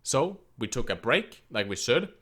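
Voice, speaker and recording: A man's voice: medium pitch, very animated, unhurried, fairly bright tone. A man who coaches an esports team, telling a frustrated story in casual speech and quoting people as he goes. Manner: frustrated, emphatic, quotes others in his retelling. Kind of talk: casual storytelling rant to camera.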